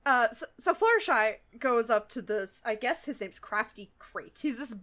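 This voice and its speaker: High, bright-voiced giggly woman. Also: normal speed. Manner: giggly, animated, swears freely. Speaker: podcast co-host. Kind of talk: casual chat recapping a cartoon.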